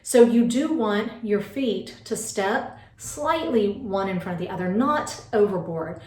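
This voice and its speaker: A woman's voice: mid-range voice, lively intonation, a little slow, a little mellow. A woman in her forties giving beauty tips in a casual, rambling vlog, full of fillers and asides. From United States. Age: 40s. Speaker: beauty vlogger. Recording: roomy, mic some distance away.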